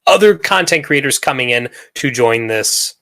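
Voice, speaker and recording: A man's voice: mid-range voice, animated, normal speed, vocal fry, pushed and bright, no echo. A man co-hosting a podcast, running through event announcements in an upbeat, friendly way. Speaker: podcast co-host. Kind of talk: casual chat.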